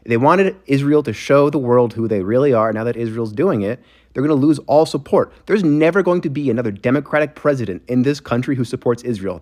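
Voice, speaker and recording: Casting: male commentator, sarcastic and profane, mid-pitch, opinionated monologue. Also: lively intonation, brisk, darkish tone. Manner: sarcastic, profane, mocking impressions.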